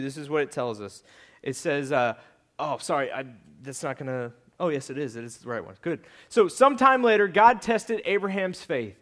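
High-voiced pastor preaching casually. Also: male voice. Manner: animated, builds to loud emphatic peaks; repeats phrases for emphasis. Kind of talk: casual conversational sermon.

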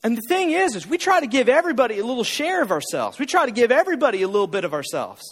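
A man's voice: very high-pitched, big pitch swings, very fast, breathy edge, in a large hall. A male pastor preaching a sermon, pressing his point with repeated lines and rhetorical questions.

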